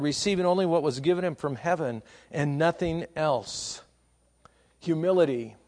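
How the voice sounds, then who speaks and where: A man preaching a sermon in a fairly high voice. He asks the congregation questions and leans hard on repeated phrases, slowing down to stress each one. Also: a little mellow. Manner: rising to emphatic, slow, stressed repetitions. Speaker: pastor.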